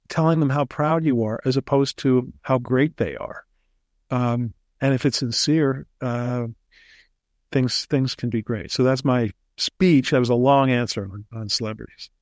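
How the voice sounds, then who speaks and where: A man's voice: mid-range voice, measured pace, no echo. Chatty man telling stories, dry sound. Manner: chatty, animated storyteller with frequent restarts. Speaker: ghostwriter guest. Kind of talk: casual interview storytelling.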